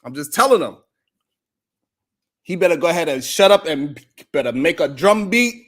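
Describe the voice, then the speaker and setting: A man hosting a podcast, delivering a mocking roast monologue that swings from loud shouts to low mutters. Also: animated, normal speed. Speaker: podcast host.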